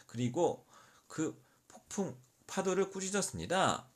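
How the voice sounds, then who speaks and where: A man's voice: mid-range voice, big pitch swings. Man teaching scripture phrase by phrase. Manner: reads each English phrase slowly, then translates it in quick Korean; self-corrects and restarts mid-word. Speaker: English Bible teacher. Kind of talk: slow English reading with Korean explanation.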